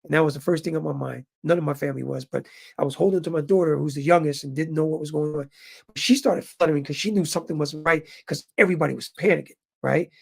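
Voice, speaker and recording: A man in his fifties telling his viewers a story in a casual, animated way and calling them brothers. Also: fairly high pitch, quick pace, creaky, breathy edge. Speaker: vlogger living in Japan.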